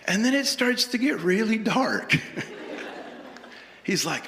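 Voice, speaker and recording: A man's voice: high voice, animated, measured pace, long pauses, a bit bright, a little hiss or hum. A male pastor preaching a sermon in a conversational, humorous storytelling way, in a large church sanctuary with long reverb.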